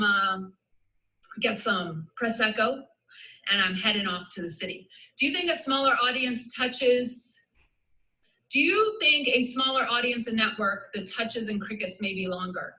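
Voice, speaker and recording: A woman with a Southern US accent giving an energetic live business-coaching talk, emphatic and repetitive, laughing often. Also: a little high, roomy sound, low-quality recording.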